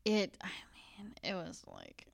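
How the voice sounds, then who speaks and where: A woman's voice: lowish voice, wildly swooping pitch, measured pace, gravelly, noisy background. Candid laughing woman podcast host. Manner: candid, laughs often, acts out quotes. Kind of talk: casual chat.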